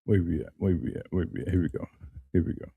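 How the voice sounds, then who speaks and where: A man's voice: low-pitched, fast talker, creaky, husky, dry recording, narrow, tinny audio. A man hosting a casual reaction video, talking loosely with slang and repeated phrases before playing a clip.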